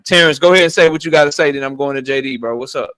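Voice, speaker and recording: A man's voice: medium pitch, racing, fairly bright tone, clean tone, no room sound. A man hosting a live stream debate, laid-back and profane as he moderates and reads chat. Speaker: host.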